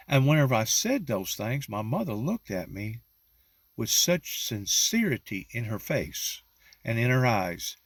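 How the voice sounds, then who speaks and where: A middle-aged man, slowly telling a personal religious testimony with emphatic rising peaks. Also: medium pitch, very animated, no room sound. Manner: slow, drawn-out storytelling with rising emphatic peaks.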